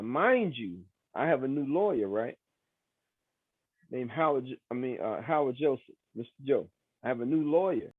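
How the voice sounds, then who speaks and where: A man, recounting his story in an interview, animated, acting out the voices of other people. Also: medium pitch, vocal fry, no echo. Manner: animated, acts out quoted voices, many fillers. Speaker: exoneree interviewee. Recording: tinny phone-like sound.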